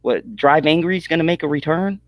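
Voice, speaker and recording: A man's voice: a little high, a little fast, dry recording. A man hosting a podcast, chatting casually and brashly, reading out comments. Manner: animated, brash and laughing. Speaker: podcast host.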